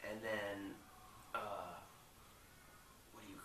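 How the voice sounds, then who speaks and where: A man's voice: lowish voice, flat delivery, slow pace, bright, forceful tone, roomy sound, far from the mic, slight background noise, low-quality recording. A young man loosely retelling a movie plot, rambling with lots of filler words. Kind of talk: rambling casual movie recap.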